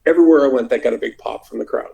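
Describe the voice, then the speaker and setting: A middle-aged man with a gravelly, mellow voice, telling stories from his days in the ring. He talks casually and gets animated, jumping into loud, high voices when he acts out what people said. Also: rapid-fire, poor audio. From Canada. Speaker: interview guest, former wrestler. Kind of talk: casual storytelling.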